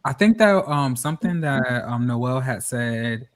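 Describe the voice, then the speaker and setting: A man's voice: mid-range voice, lively intonation, a little slow. A man on a discussion panel giving a reflective, hesitant opinion with many fillers.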